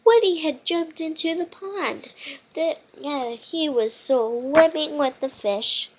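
A woman reading a children's picture book aloud as a storytime host, halting often with fillers and restarts. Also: sits high, a little hiss or hum, poor audio. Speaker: storytime reader.

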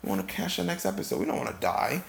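A tired man spins a comic tale in a very gravelly voice, stumbling over his words and circling back. His voice rings around a bare room with faint hiss underneath. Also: sits high, sing-song. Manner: rambling and halting, full of fillers and restarts. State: tired and yawning. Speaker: comedic storyteller. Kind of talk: improvised comedic monologue. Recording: echoey room with faint noise.

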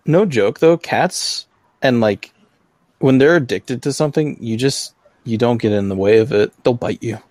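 A man's voice: medium pitch, normal speed, darkish tone, dry recording. A man hosting a casual livestream podcast, joking and laughing often. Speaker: podcast host.

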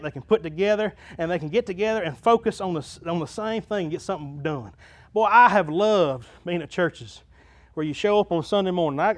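A pastor with a notably high voice delivers a folksy sermon in church. He talks plainly to the congregation, swells into loud preaching runs and then settles back to a quieter, conversational tone. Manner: folksy, builds to loud preaching crescendos then drops low. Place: church sanctuary.

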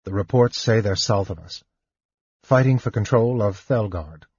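Stern, brooding knight, read by a man, husky and slow, dry dull recording. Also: lowish voice, a little mellow, no room sound. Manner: stern and clipped. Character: stern, troubled male knight commander.

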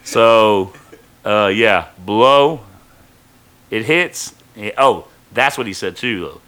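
A man's voice: fairly low pitch, lively intonation, takes it slowly, pushed and bright, clean tone. A man casually telling a rambling, profane story from his own life on a podcast, full of fillers.

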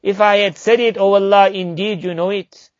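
A man giving a religious lesson, chanting verses rapidly and then explaining them slowly. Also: high voice, fairly even intonation, dry recording. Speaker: Islamic teacher. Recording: dull lo-fi recording, dry.

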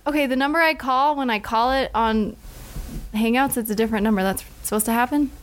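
A woman's voice: on the high side, a little fast, a little hiss or hum. A woman making prank calls with friends, giggly and swearing freely in comedic banter. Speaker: prank caller.

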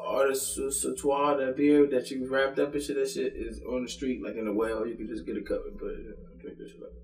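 A man's voice: mid-range voice, huge pitch swings, fairly quick, darkish tone, recorded from a distance, a little hiss or hum. A man co-hosting a podcast in casual chat, joking and laughing often in slangy talk. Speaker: podcast co-host. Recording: roomy sound, off-mic.

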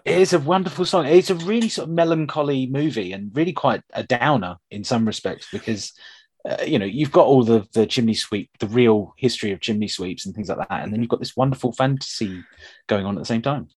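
A man hosting a podcast, chatting casually and retelling childhood cartoons with animated enthusiasm. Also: medium pitch, fairly quick, husky, no echo. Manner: animated retelling of old cartoons, often laughing. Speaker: podcast host.

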